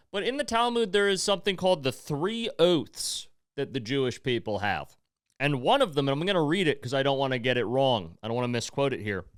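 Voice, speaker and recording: A man's voice: medium pitch, a bit bright, clear, resonant tone, dry recording, clean studio sound. Heated, profane podcast host man. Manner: heated, profane and blunt, with apologetic asides. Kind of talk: casual opinion rant.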